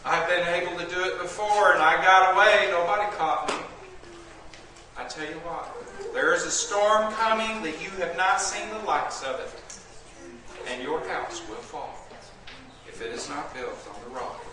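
A man preaching a fervent sermon, swinging from loud declaiming to low, intense warnings. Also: moderate pace. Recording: echoey room, far from the mic, noisy.

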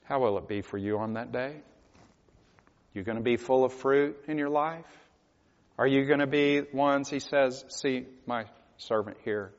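A man preaching a sermon, swinging from hushed, quiet passages to loud, pleading cries. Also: medium pitch, moderate pace. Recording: dull lo-fi recording in a reverberant hall.

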